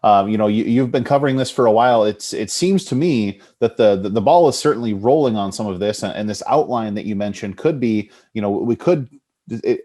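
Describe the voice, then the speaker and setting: A man hosts a weekly agricultural news show and talks conversationally. His voice is fairly low, and he scatters fillers through his questions. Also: warm tone. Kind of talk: news discussion.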